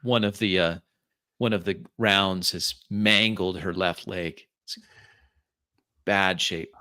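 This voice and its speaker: Bright-toned male game master. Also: deep voice, steady tone, clean tone. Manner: measured, descriptive, with uh fillers. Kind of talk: narrating a tabletop game.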